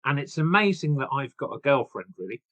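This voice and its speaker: A man in his sixties, an author guest, telling his story in an animated, chatty way and laughing at himself. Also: mid-range voice, fairly quick, highs cut off. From England. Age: 60s. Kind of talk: casual interview chat.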